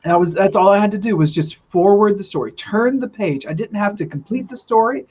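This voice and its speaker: A man's voice: high voice, quick pace, darkish tone, husky. A man earnestly telling a long spiritual story in casual podcast talk, rambling with many restarts. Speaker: guest telling a spiritual vision. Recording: dull lo-fi sound.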